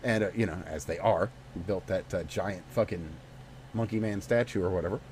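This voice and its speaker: A man hosting a casual podcast, telling stories in a lively, jokey way. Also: low voice, fairly quick, slight background noise. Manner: lively, jokey, animated storytelling. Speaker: podcast host.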